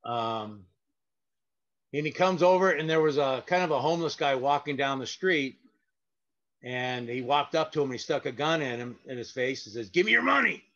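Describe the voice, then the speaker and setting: A man's voice: mid-range voice, moderate pace, muffled recording. A man, a parking lot sweeper and guest, telling stories in a casual, rambling way with many fillers and restarts. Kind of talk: casual anecdotal storytelling.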